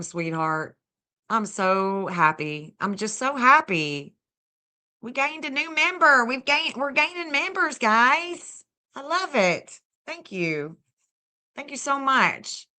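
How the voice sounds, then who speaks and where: A woman's voice: fairly high pitch, pushed and bright. A woman hosting a casual livestream, gushing over viewers and thanking them by name. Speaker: livestream host and astrologer.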